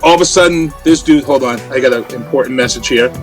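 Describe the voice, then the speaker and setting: A man, a guest on an interview show, telling a story in a casual, animated way over a remote call. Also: medium pitch, fast, soft background music. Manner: animated, acts out quoted voices. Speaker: interview guest, radio personality. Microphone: remote call from home.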